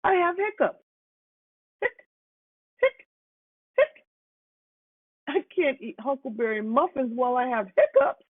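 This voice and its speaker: A cheerful, always-hungry young hippo girl from a picture book, put on by the storyteller. Her voice climbs high and swoops around with excitement. The sound is thin and phone-like, close and dry. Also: slow pace, long pauses, no room sound, full character voice. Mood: distressed. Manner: sing-song, excited.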